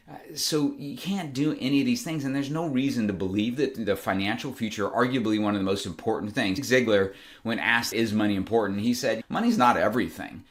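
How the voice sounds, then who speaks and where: Earnest low-voiced man telling stories. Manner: earnest, animated, with chuckles and self-corrections. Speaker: podcast host. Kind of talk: casual storytelling monologue.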